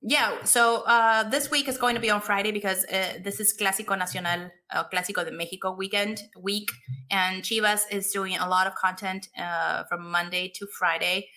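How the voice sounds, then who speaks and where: A young woman co-hosting a podcast, talking in a casual, excited, chatty way and laughing often. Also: mid-range voice, normal speed. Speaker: podcast co-host.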